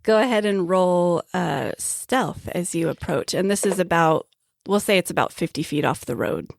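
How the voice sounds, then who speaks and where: A woman's voice: fairly low pitch, moderate pace, gravelly, no room sound, studio quality. A woman narrating as game master of a tabletop game, describing scenes with easy laughter.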